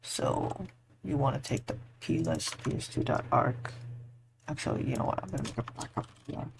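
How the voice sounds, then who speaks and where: A man's voice: mid-range voice, big pitch swings, moderate pace, creaky, background noise. A tired man giving a casual, rambling screen-recorded tutorial, full of fillers and restarts. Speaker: modding tutorial maker.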